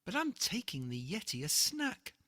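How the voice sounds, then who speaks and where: A reader voicing an excited young boy on a quest, with eager exclaiming lines in a picture-book read-aloud. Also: medium pitch, normal speed, no room sound, studio quality, pitched above the performer's own voice.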